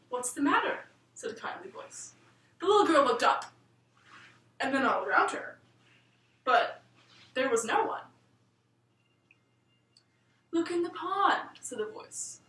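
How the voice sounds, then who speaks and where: A woman telling a bedtime story in a lilting, expressive manner. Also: high-pitched, far from the mic. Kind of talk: storybook narration. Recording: roomy room, voice set back from the mic.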